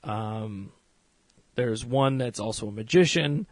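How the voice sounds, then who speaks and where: A man talks loosely through a show he's reviewing, filling gaps with "uh" and "you know" and cursing freely. His voice sits at an ordinary middle pitch and is recorded dry and close, with almost no room sound. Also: takes it slowly, no echo. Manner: rambling, swears freely, many fillers; retells scenes with mock voices. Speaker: podcast host reviewing a series. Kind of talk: casual spoken review.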